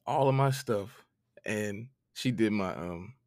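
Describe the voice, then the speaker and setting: Casting: young man, low voice, dry close sound, lively swearing storyteller. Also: slow, no room sound. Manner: animated, profane, laughing storytelling. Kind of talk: casual storytelling chat.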